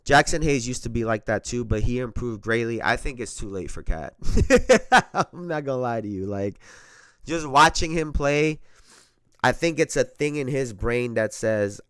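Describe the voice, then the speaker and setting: A man hosting a casual sports talk show, swearing freely and getting worked up as he rants. His voice sits at an ordinary middle pitch. The sound is dry and close, with no room around it. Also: a little slow, clean tone, dry recording. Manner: profane, animated, laughing often, repeats himself. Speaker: sports podcast host.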